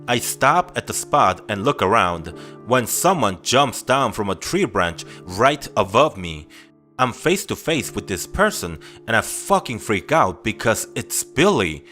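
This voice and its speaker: A man reading first-person scary stories aloud in a steady, grim, confessional storytelling manner. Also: fairly low pitch, measured pace, faint music behind.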